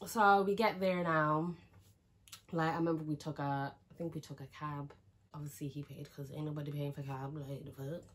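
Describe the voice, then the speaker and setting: Speaking at normal speed in a low, steady voice, a young woman vlogger chats frankly through a casual storytime, saying "like" constantly and swearing now and then.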